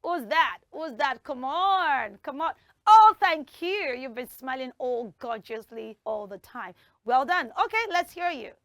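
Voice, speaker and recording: A woman hosting a children's TV quiz show, bubbly and encouraging, heaping praise on the kids and drawing words out slowly when teaching. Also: sits high, lively intonation, fairly bright tone, dry recording, clean studio sound. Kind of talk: lively hosting of a kids' quiz in front of a school audience.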